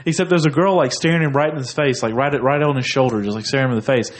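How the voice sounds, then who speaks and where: A man's voice: medium pitch, very fast. A man co-hosting a podcast, laughing often and retelling memes and clips in casual crude banter, full of fillers. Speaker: podcast co-host.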